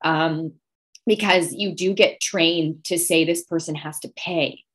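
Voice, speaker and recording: A woman podcast host talks earnestly and emotionally in conversation, often offering soft affirming murmurs. Her voice sits a little low for a woman. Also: steady tone, slow.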